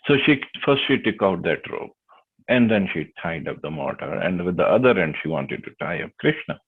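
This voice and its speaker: A man teaching a devotional class, retelling a sacred story with hesitant, lively storytelling, over a tinny phone-like line. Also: low voice, normal speed, husky.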